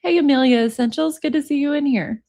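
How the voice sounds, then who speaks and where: A woman's voice: sits high, quick pace, dark tone. A woman in her forties hosting a casual live-stream, chatting and reading viewer comments aloud with frequent laughs. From United States. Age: 40s. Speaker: livestream commentary host.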